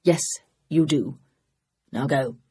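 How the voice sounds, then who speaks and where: A narrator voicing a discreet young male government agent who talks in a hushed, urgent whisper. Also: medium pitch, slow, slightly rough, voice pushed down. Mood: firm.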